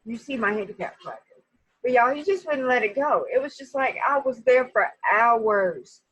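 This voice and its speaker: Husky woman telling a story. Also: fairly high pitch, moderate pace, no echo, lo-fi sound. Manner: animated, talks straight to viewers. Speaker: vlogger telling a personal story. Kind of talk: casual storytelling to viewers.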